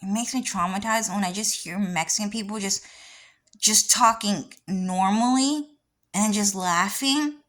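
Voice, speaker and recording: A woman's voice: medium pitch, a little slow, a bit bright. A woman vlogger talking in a casual, rambling monologue with many restarts and frequent swearing.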